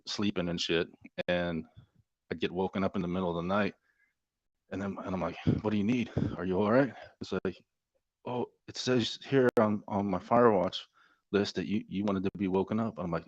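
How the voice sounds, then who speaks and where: A man's voice: sits low, steady tone, fairly quick, no echo. A middle-aged man, a former Navy corpsman, telling stories in a casual, profane, laid-back way during an interview. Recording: dull, dry lo-fi sound.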